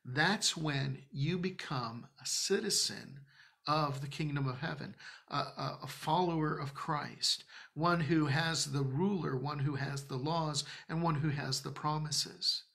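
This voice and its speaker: A man's voice: a little high, measured pace, vocal fry, pushed and bright. A man preaching in a church, teaching from the Bible in a conversational, emphatic way with joking asides. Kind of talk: Bible-study sermon.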